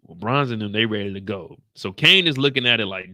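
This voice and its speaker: A man hosting a recap who tells the story in an animated way, using slang, sound effects and calls to the chat. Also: lowish voice, brisk, no echo, studio quality. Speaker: show recap host.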